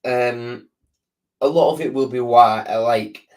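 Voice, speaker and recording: A man's voice: medium pitch, measured pace. A man with a sore throat, chatting casually on a live stream and answering viewers, rambling with lots of restarts and ums. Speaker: football fan channel host.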